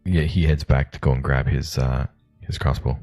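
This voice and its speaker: A man's voice: rumbling low, fairly even intonation, darkish tone, no echo, soft background music. A man playing a tabletop game who stammers and halts as he talks. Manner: stammering, halting. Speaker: player.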